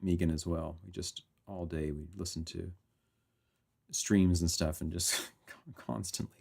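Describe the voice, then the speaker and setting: Gravelly, deep-voiced male composer bantering with chat on a livestream. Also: steady tone, measured pace, a little mellow. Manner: laughs often and reads chat aloud. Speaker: composer streaming live.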